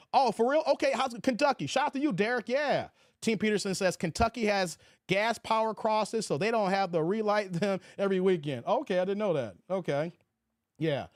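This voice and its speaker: A man's voice: high-pitched, dry recording, clean studio sound. A man hosting a casual livestream, chatting loosely and reading viewer comments aloud. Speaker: livestream host.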